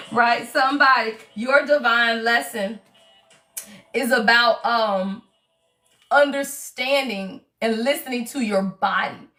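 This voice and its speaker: A high-pitched woman with a bright, sharp tone, talking animatedly through a livestream tarot reading. She preaches to her viewers and keeps asking "right?" Her voice sounds a little far from the mic, with faint music underneath. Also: slow. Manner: animated and preachy, with many repeated "right?" and "y'all" asides. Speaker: tarot reader and spiritual advisor.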